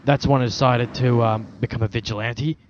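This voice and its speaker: A man's voice: medium pitch, fairly even intonation, a little fast. A man speaking in a put-on Australian accent in an in-character roleplay monologue. He brags, swears constantly and keeps saying slang like "mate". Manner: boastful, swears constantly, lots of Aussie slang. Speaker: roleplaying vlogger. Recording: dull lo-fi outdoor recording with traffic noise.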